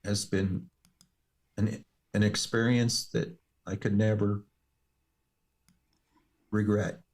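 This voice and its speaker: A man speaks as an interview guest, recounting his own story with steady, earnest care. His voice sits a little on the low side. He talks like a firefighter and paramedic who has told this before. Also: slow. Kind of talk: personal testimony in an interview.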